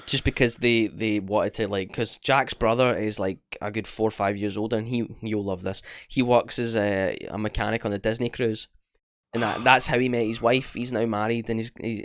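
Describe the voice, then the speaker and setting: A man's voice: lowish voice, smooth, no room sound, clean studio sound. Scottish young man telling stories animatedly. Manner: animated storytelling, lots of swearing and restarts. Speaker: podcast co-host. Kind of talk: casual chat.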